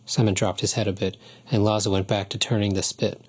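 A man with a low voice narrates an audiobook in a calm, even way. His tone is husky and a little breathy throughout. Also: brisk.

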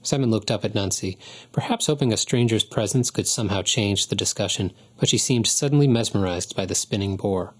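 A man with a low voice narrates an audiobook in a calm, even way. His tone is husky and a little breathy throughout. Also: brisk.

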